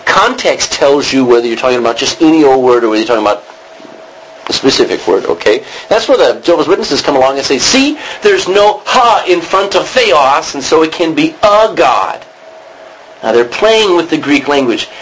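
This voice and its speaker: A man's voice: mid-range voice, a little hiss or hum, rough recording. A man teaching a classroom lesson, explaining in a roundabout way and checking in with his students. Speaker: Greek teacher. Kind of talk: classroom lecture.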